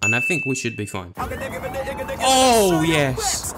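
A young man commentating his own football video game matches, swearing often and swinging from flat mutters to excited yelps and pleading. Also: a little high, slow. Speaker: gaming YouTuber. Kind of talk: reactive gameplay commentary. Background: music.

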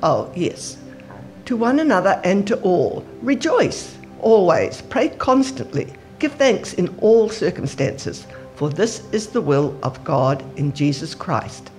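A woman in church voicing a weary, reluctant woman prisoner with a grudging, hushed manner. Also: on the low side, sing-song, slow, soft background music.

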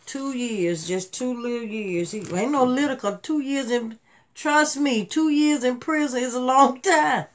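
Chatty woman selling jewelry live. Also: unhurried. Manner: chatty, laughs often, swings from low murmurs to excited high bursts. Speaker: jewelry seller on a live sale. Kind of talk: live selling stream, casual chat to viewers.

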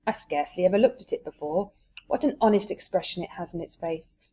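A woman voicing an elated old man, newly generous, who exclaims loudly in a storybook reading. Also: on the low side, animated, a little fast, slightly rough. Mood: delighted. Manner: loud, exclaiming, breathless joy. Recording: dull lo-fi recording.

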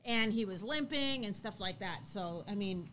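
A woman in her thirties co-hosting a casual chat, telling a story in an animated way and laughing as she acts out what people said. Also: mid-range voice, normal speed, slight background noise. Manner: animated, laughs while acting out quotes. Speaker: co-host.

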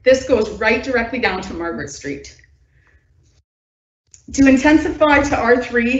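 A woman resident giving nervous, earnest public comment from home, her voice shaking with upset. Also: on the high side. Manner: earnest, nervous, pressing objections. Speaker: resident speaking at a council meeting. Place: indoors at home. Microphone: video call. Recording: distant, echoey, dull video call audio.

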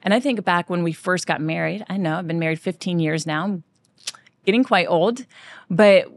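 Earnest woman with a low voice. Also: moderate pace, no room sound, clean studio sound. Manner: earnest, conversational. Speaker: podcast host. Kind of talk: faith-based podcast monologue.

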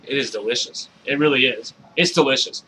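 American male co-host, loose and chatty, bright tone. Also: mid-range voice, a little fast, low-quality recording. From United States. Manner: laid-back, swearing, repeats himself. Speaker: co-host of a review show. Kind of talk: casual chat. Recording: faint background noise.

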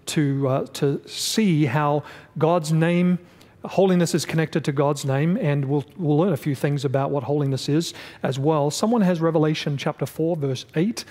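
Brief: male pastor, higher-pitched voice, emphatic class teaching, long church reverb. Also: warm tone. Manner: emphatic, asks the class questions. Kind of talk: Bible study lesson.

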